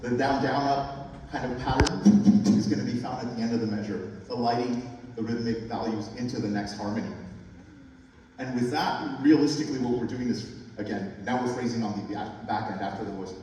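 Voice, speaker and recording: A man's voice: mid-range voice, fairly quick, darkish tone, a little hiss or hum. A man teaching a master class, coaching an ensemble in rehearsal and breaking rhythms down step by step. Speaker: music instructor leading a master class. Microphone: distant from the mic. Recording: echoey hall, far mic, music behind. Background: ensemble music.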